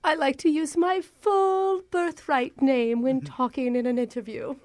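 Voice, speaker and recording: A woman's voice: sits high, steady tone, measured pace, a little mellow, no echo. A woman voicing a pompous, fake-posh English job applicant, with an exaggerated put-on English accent, rambling silly made-up things. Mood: hammy posh.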